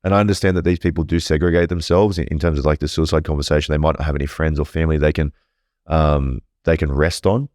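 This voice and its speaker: A man's voice: rumbling low, fairly even intonation, quick pace, darkish tone, no room sound, clean studio sound. A man speaking bluntly and earnestly as a podcast guest, swearing freely in casual interview talk.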